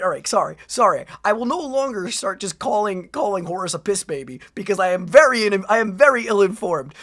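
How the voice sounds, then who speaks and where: A woman streamer reacting to videos, talking in a casual, excitable way and ranting in rising outbursts. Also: mid-range voice.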